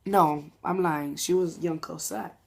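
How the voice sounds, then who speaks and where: A woman's voice: fairly low pitch, steady tone, a little slow, creaky, very noisy. Gushing young woman reviewing a show. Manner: gushing, rambling, heavy "like" and "um" fillers. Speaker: theater reviewer vlogger. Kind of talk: casual spoken review.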